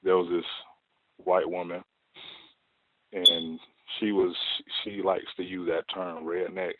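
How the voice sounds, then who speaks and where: A man's voice: deep voice, no room sound. A man calling in to a talk show, telling a workplace story in a loose, rambling way with many fillers. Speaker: caller. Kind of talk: casual call-in storytelling. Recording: tinny phone line.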